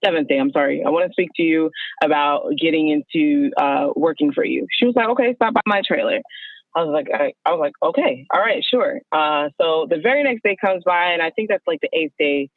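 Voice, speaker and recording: A woman guest telling her story on a phone call, animated and acting out the dialogue she quotes. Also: low voice, fairly quick, no echo. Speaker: guest, wardrobe stylist. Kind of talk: casual storytelling over the phone. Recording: tinny phone line.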